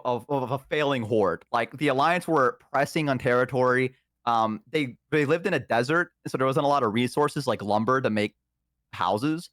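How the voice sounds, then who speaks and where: A man with an ordinary mid-range voice talks casually, rambling and filling pauses with ums and uhs. He sits close to his microphone in a dry room. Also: mid-range voice, a bit bright, no room sound. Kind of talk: casual chat.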